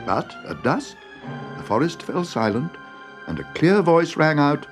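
Expressive male storybook narrator. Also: a little high, a little slow. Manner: expressive, dramatic. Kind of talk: storybook reading. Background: music.

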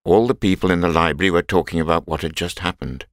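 A man narrating a simple storybook in a clear, measured reading voice. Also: low voice, no echo, clean studio sound.

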